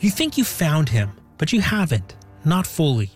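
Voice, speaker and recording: A male documentary host narrates from a script, his voice rising and falling in lively curves. His tone carries curiosity, with soft music running beneath. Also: fairly high pitch, moderate pace.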